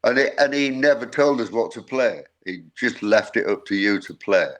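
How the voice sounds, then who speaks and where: A man's voice: lowish voice, normal speed, a bit bright, low-quality recording. Older man telling studio stories. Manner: rambling anecdotes with repeated words and frequent laughs. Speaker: musician guest. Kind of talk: casual interview storytelling.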